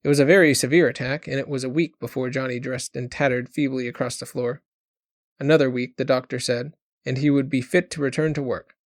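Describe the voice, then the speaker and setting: A man reading a short story aloud as an audiobook narrator, in a measured storytelling manner. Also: mid-range voice, fairly even intonation, no echo, studio quality. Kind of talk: scripted narration.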